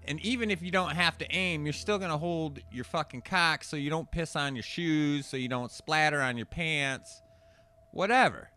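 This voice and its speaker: A young man telling a profane story in animated rants while commentating a card game. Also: a little high, normal speed, soft background music. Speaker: gameplay commentator. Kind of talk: casual storytelling over gameplay.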